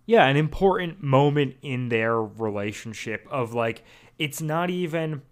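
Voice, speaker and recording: A man co-hosting a podcast in casual chat, thinking aloud in halting, trailing phrases. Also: mid-range voice, lively intonation. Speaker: podcast co-host.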